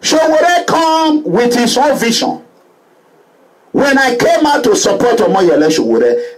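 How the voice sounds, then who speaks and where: Impassioned Nigerian man with a lively pitch. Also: rough recording. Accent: Nigerian English with Pidgin. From Nigeria, Edo State. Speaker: political activist vlogger. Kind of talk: impassioned political monologue.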